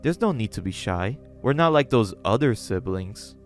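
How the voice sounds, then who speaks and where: A man's voice: fairly low pitch, expressive, moderate pace, natural voice. Brief: creepy obsessive gothic girl, sugary menace, a man reading her lines, faint music under. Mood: doting menace. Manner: sweetly menacing, scolding.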